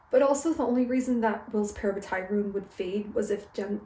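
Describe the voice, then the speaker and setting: A woman's voice: medium pitch, a little fast, few pauses, reverberant, background noise. A young woman vlogger recapping a book in a casual, dramatic way, with exaggerated outbursts.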